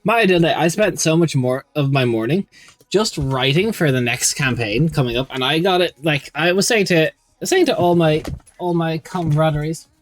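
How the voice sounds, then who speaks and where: A man's voice: fairly high pitch, lively intonation, moderate pace. A young man hosting a casual livestream as game master, rambling and upbeat with many restarts. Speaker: stream host and game master.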